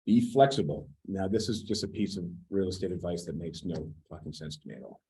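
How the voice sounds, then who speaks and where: A man's voice: low voice, brisk, warm tone, low-quality recording. A man giving a casual real estate training talk, blunt and sometimes swearing as he picks apart advice. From United States.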